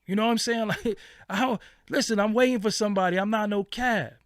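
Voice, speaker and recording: Hosting his own channel, a man tells a story casually in a high voice, a little fast, swearing freely and acting out quoted lines with animation. The recording is dry and studio quality.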